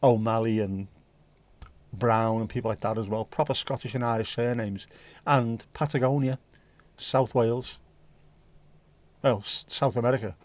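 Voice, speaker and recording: A man's voice: mid-range voice, steady tone, normal speed, long pauses, dry recording. A man hosting a livestream, chatting casually and reading out viewer comments in a rambling way, with the odd swear. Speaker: livestream host.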